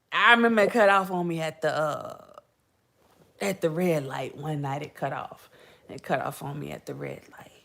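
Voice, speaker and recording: A middle-aged woman hosting a podcast tells casual stories to her listeners, laughing often and chatting away, calling them "y'all." Her voice sits low, creaky and sharp-toned, at normal speed.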